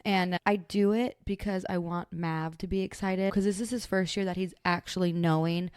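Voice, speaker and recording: A woman's voice: lowish voice, normal speed, clear, resonant tone, dry recording, clean studio sound. A young woman co-hosting a podcast, telling a story in casual chat and acting out what people said. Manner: animated storyteller, acts out quotes. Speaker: podcast co-host.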